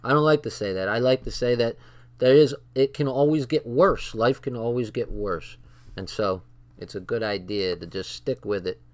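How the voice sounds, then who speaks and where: A man's voice: medium pitch, normal speed. Blunt, profane man in casual commentary. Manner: blunt and profane, talks straight from personal stories. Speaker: channel host reading and commenting on a text.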